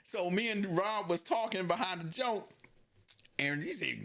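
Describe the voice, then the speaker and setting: Animated high-voiced man telling stories. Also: fairly quick. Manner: animated storyteller, laughs often, acts out voices. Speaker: podcast co-host. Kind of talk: casual chat, telling funny stories.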